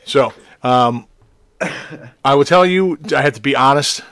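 A man's voice: mid-range voice, measured pace, a bit bright, smooth, no echo, studio quality. A man co-hosting a casual podcast, rambling with lots of restarts and fillers. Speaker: podcast co-host, module writer. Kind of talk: casual chat.

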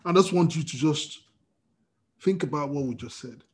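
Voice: medium pitch, moderate pace, husky. A preacher giving an emotional, fervent sermon, often restarting phrases.

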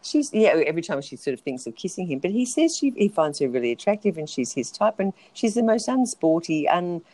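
Low-voiced woman, chatty and frank. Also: very animated, brisk, warm tone, no echo, poor audio. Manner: chatty, rambling, frank, swears casually. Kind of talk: casual reality-TV gossip chat.

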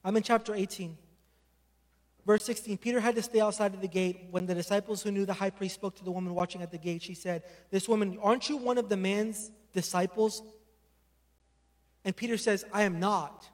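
A male pastor preaches a sermon with a very high voice. He tells the story with animated energy and slips into acted voices. His words ring out with a long reverb in a large hall. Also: brisk.

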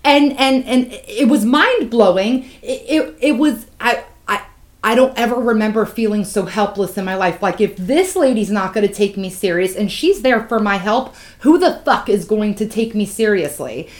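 A woman co-hosting a podcast, telling a painful personal story with raw emotion and plenty of swearing. Her voice drops low and hushed, then climbs loud and heated. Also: lively intonation, normal speed. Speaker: podcast co-host. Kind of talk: candid podcast chat.

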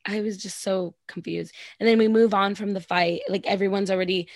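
A young woman chats in a relaxed, casual way, blunt and emphatic, swearing freely and peppering her talk with "like." Her voice sits at a middling pitch for a woman. It is recorded close and dry, with no room sound. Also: a little fast, no room sound. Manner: blunt, profane, emphatic, heavy use of "like". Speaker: podcast co-host. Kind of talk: casual chat.

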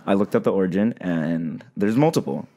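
A man's voice: low-pitched, lively intonation, a little fast, dark tone. A young man co-hosting a casual podcast, rambling with lots of fillers and laughing often. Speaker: podcast co-host.

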